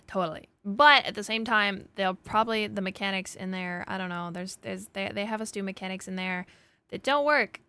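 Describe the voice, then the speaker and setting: Excitable young woman streamer with a bright, sharp voice who swears freely during casual let's-play commentary. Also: medium pitch. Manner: excitable, swears a lot, laughs often.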